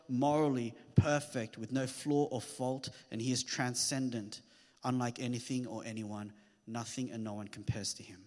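A man preaching a sermon, earnest and rising to emphatic peaks. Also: medium pitch. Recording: long hall reverb.

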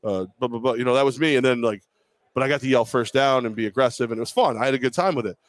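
A man's voice: medium pitch, rapid-fire, dry recording. A man co-hosting a live podcast, telling a long self-deprecating story in casual chat. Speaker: podcast co-host. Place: bar or venue, live show.

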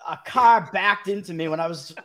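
A man's voice: sits high, moderate pace, crowd noise. A man with a Boston accent rambling and swearing in casual podcast banter, a bit loopy on painkillers. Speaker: podcast co-host.

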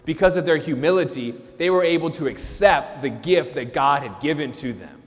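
A male priest with a fairly high voice gives an earnest sermon and repeats his key lines for weight. The sound carries a long, hanging reverb, like a big church. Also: lively intonation, moderate pace.

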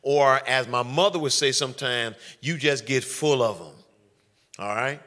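Bright-voiced preaching pastor. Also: male voice, medium pitch, measured pace. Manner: preacherly, repetitive call-and-response with "all right" and "watch this". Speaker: senior pastor. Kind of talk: teaching sermon during corporate prayer.

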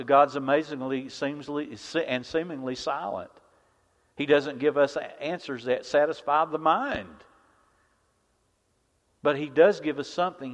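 Impassioned man preaching in a hall. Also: on the high side. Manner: impassioned preaching, swings from loud to hushed. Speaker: pastor. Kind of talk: sermon. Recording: dull, reverberant hall sound.

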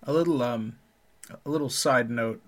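A man's voice: medium pitch, moderate pace. A man co-hosting a podcast in easygoing casual chat, interjecting politely. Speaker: podcast co-host.

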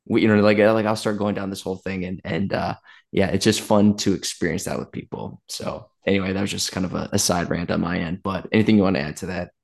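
Deep gravelly-voiced man rambling casually. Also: steady tone, quick pace. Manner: rambling, casual, swears, says "dude" a lot. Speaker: podcast host. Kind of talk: casual podcast chat.

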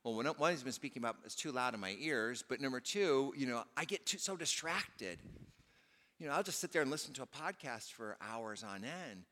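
Bright-voiced pastor preaching in a hall. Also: male voice, medium pitch, expressive, fairly quick. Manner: conversational preaching, with frequent "you know" fillers. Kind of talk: sermon. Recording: long reverb of a large hall.

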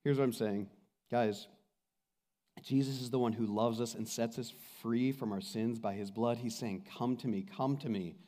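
A man's voice: mid-range voice, moderate pace. A man preaching a sermon as pastor, telling stories with energy and acting out the people he quotes. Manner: animated storytelling, acts out quoted voices. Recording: reverberant hall.

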